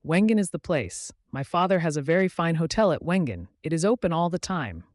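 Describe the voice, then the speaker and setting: A man's voice: fairly high pitch, big pitch swings, a little fast, no room sound, studio quality. A man voicing a haughty thin male border lieutenant in an audiobook, with stiff, formal phrasing.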